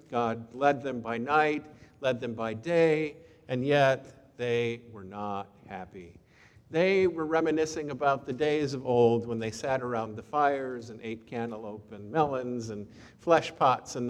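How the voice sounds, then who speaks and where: A man preaching a sermon as an Episcopal priest, telling a Bible story in a casual, conversational way with folksy asides. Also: medium pitch. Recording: long reverb in a church hall.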